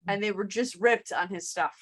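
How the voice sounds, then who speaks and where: A woman co-hosting a podcast in casual chat, chatty and quick to laugh. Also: medium pitch. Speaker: podcast co-host. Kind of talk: casual chat about a TV comedy.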